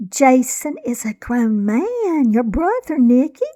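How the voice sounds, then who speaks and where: A woman voicing a gentle, worried mother who coaxes and soothes her upset child. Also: high voice, very animated, slow pace, full character voice. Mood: reasoning. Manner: soft, coaxing, cooing.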